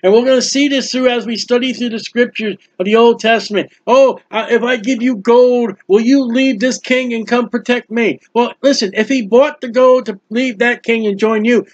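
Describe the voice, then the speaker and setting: A man preaching a Bible sermon, high-pitched and animated as he acts out the characters. The recording sounds dull and lo-fi. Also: fairly quick, hardly any pauses. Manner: animated, acts out biblical characters, quotes scripture.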